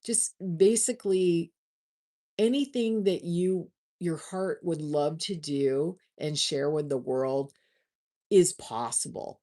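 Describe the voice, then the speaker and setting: A woman with a low voice hosts a casual livestream chat. She talks slowly and gushes, often starting a word twice before going on. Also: warm tone. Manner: chatty, gushing, restarts often. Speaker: livestream host.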